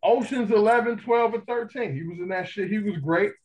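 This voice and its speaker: A man co-hosting a podcast, talking casually and profanely with lively enthusiasm. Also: high voice, fairly quick, slight background noise, low-quality recording. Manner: animated, profane, enthusiastic film talk. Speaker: podcast co-host. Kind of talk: casual chat.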